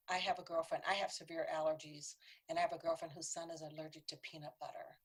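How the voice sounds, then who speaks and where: A woman presents an earnest, conversational training workshop to a city council, acting out quoted voices and sometimes dropping to a whisper for emphasis. Her voice sits low and slightly rough, moving quickly with little pitch variation.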